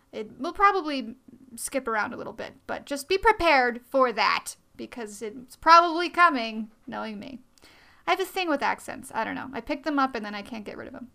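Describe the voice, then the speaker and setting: Bright, chatty young woman podcast host. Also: sits high, expressive, normal speed, gravelly. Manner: chatty, rambling, self-deprecating. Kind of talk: casual podcast monologue.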